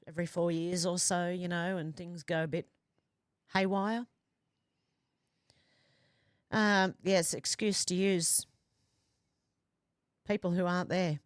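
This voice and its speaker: Woman host, lowish voice, dry close sound, casual stream chat reading out viewer comments. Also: no room sound. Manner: chatty, reads comments aloud with asides and fillers. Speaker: livestream host.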